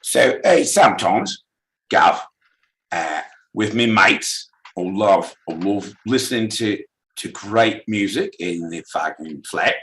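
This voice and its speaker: A man's voice: fairly low pitch, animated, slow, fairly bright tone, exaggerated voice, low-quality recording. A man voicing a mouthy Cockney lad who likes the pub, rambling and swearing with a put-on Cockney accent. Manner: rambling, swearing, breaks into laughs.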